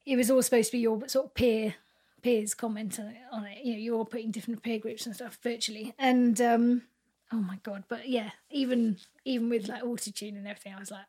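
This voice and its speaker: Woman, casual chat, pitched a touch high, halting delivery. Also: fairly even intonation, mellow. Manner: hesitant, lots of fillers and restarts. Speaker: songwriter.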